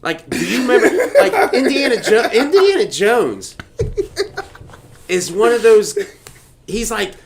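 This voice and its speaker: A man's voice: high-pitched, sing-song, unhurried, gravelly, pauses often, crowd noise. A man hosting a podcast, telling jokes in casual, profane chat and laughing often. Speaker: podcast host.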